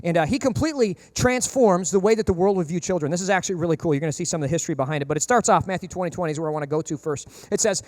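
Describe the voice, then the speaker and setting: Animated high-voiced male pastor. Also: very fast, hardly any pauses, dry recording. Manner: animated, jokey, acts out biblical characters in high comic voices. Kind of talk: sermon.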